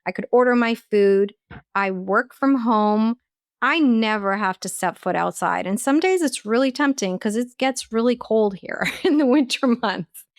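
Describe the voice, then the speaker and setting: A woman's voice: a little high, lively intonation, unhurried, no echo, studio quality. A woman, a holistic nutritionist and life coach, giving earnest, practical advice as an interview guest, with a sprinkling of "like" and "you know".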